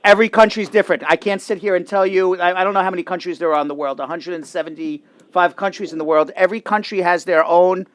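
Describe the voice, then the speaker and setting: A man's voice: high voice, fast, fairly bright tone, no room sound. A man hosting a call-in legal advice show, explaining emphatically and repeating his points.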